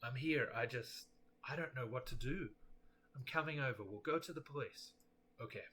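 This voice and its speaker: A man's voice: mid-range voice, normal speed, pushed and bright, husky. A man voicing a polite, earnest husband who pleads and frets. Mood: distraught.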